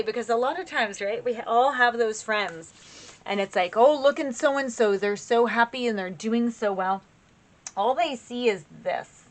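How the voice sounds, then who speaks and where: A woman giving a casual spoken tarot reading, chatty and encouraging, talking straight to her viewers with loose phrasing. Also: mid-range voice. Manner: chatty and encouraging, addresses viewers as "you guys"; loose, with frequent fillers and restarts. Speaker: tarot reader.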